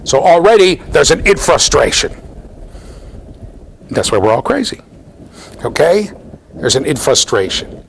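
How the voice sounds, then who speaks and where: Man, university lecturer, classroom lecture, chatty, animated, quizzes students, very expressive pitch, middle-pitched voice. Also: measured pace, gravelly, pauses often, a little hiss or hum.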